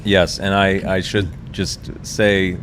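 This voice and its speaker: A man's voice: sits low, level tone, takes it slowly. A man hosting a podcast from a ship's lounge, chatty and friendly. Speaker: podcast host. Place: lounge of a research ship at sea. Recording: hum of ship engines behind. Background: ship engine hum, faint music.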